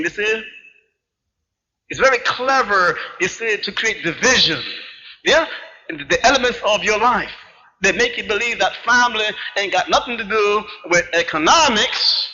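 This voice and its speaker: A man delivers a spiritual lecture in a high, bright, ringing voice, piling up rhetorical questions and checking in with his listeners. It is an old, dull-sounding 1990s recording with long reverb from the lecture hall. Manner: emphatic, rhetorical questions, frequent "you see". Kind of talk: public lecture to a live audience.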